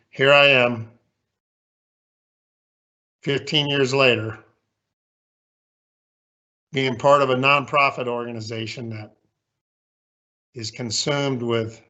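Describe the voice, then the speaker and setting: A man's voice: medium pitch, bright, forceful tone, lo-fi sound. A man in his sixties giving a candid, folksy, self-deprecating leadership talk with slides as a guest speaker.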